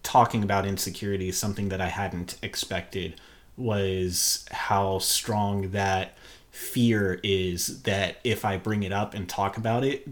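A man co-hosting a podcast, talking about relationships in an earnest, reflective way. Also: low voice. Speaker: podcast co-host. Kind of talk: candid relationship podcast talk.

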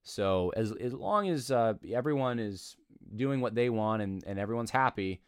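Animated man commenting on an article. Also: mid-range voice, moderate pace, smooth, no room sound, clean studio sound. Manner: animated, argumentative, laughs between points. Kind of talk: reading and critiquing an article aloud.

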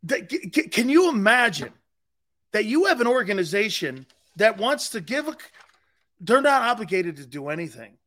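A man's voice: sits high, big pitch swings, normal speed, fairly bright tone. A man hosting a sports radio show, talking in a rambling, jokey monologue, laughing often and slipping into silly voices. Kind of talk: animated sports talk monologue.

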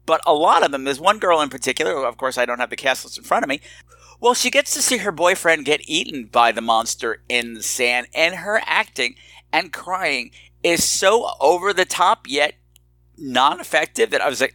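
Lively, bright-voiced male podcast host. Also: high voice, normal speed, no echo. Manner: animated, playfully exaggerated. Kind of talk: casual movie review chat.

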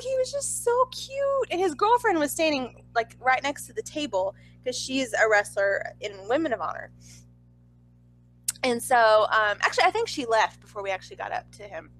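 A young woman telling a story in a chatty, excitable way, full of "like.". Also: fairly high pitch, slight background noise, low-quality recording. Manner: chatty, excitable, heavy use of "like". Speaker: vlogger. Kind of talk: casual storytelling.

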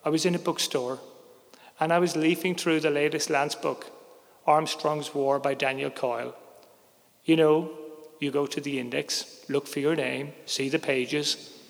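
A man's voice: fairly high pitch, steady tone, a little slow, creaky. A middle-aged man, a journalist, telling a personal story on stage in a candid, wry, conversational way. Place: theater stage before an audience. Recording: reverberant live hall.

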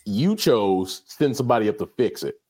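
A man's voice: lowish voice, very animated, moderate pace, darkish tone, breathy edge. A man co-hosting a podcast in casual chat, speaking emphatically. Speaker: podcast co-host.

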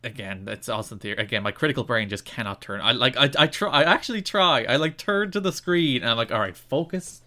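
A man's voice: mid-range voice, lively intonation, fast talker, hardly any pauses, bright, forceful tone. A man co-hosting a podcast in casual chat, dry and sarcastic. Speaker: podcast co-host.

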